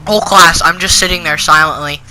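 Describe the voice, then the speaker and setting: In this storytime rant, a teenage channel host recounts a school incident indignantly, rambling and filling pauses often. His fairly high male voice is steady, brisk and sharp, and the poor audio carries a little hiss or hum.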